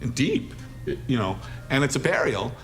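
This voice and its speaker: A man's voice: medium pitch, very animated, normal speed, faint music behind. A man in an interview, animatedly recounting a story with amusement.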